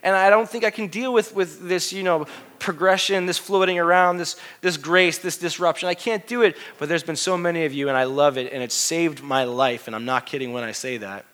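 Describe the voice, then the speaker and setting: A middle-aged male pastor preaching a sermon with passion, his voice swinging from hushed to loud exclamations. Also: on the high side, moderate pace.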